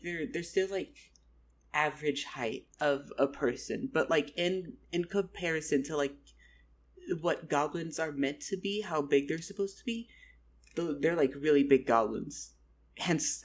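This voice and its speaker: A man's voice: fairly high pitch, slightly rough. A man telling a rambling comic story, repeating himself and swearing casually. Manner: rambling, repetitive, profane. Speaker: vlogger.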